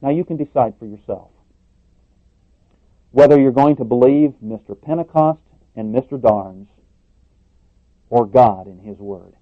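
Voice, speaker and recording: A man's voice: mid-range voice, unhurried, long pauses, no echo. Male preacher, emphatic sermon delivery, dull lo-fi sound. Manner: emphatic, repeats words, rises on questions. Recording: muffled dry lo-fi recording.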